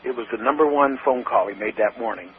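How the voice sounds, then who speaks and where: A man's voice: mid-range voice, fairly quick. A man telling a story as an interview guest, talking with animation and acting out what other people said. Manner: animated storyteller who acts out quoted speech. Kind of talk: phone-in storytelling. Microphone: telephone. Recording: tinny phone line with faint hiss.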